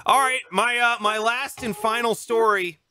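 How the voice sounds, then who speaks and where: A man's voice: very high-pitched, steady tone, normal speed, pushed and bright. A man in his thirties co-hosting a podcast, telling a comic anecdote in casual chat and acting out the voices of the people in it. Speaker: podcast co-host.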